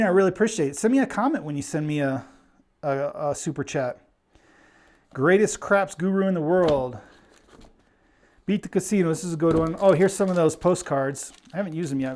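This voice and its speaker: A man's voice: fairly high pitch, a little mellow, slight background noise. A man hosting a casual live Q&A stream, chatting and thinking aloud on a clip-on mic in an indoor room with some echo. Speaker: host of a craps channel live stream. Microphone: clip-on mic with pack.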